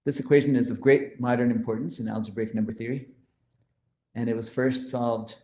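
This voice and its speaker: In a math lecture, a man walks through formulas and counts step by step with enthusiasm, gesturing to his slides as he explains. His voice is medium-pitched and warm, fairly even in intonation and a little fast, in an echoey room.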